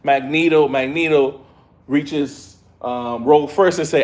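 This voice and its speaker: A man giving a casual live review of an episode, retelling scenes in an excitable, slangy way. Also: on the high side, unhurried. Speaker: show reviewer.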